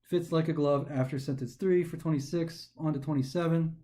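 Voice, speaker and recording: A male instructor walking through practice test questions, reading passages aloud and then thinking them through. His voice sits a little on the high side, and he talks in an animated, lively way. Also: a little fast.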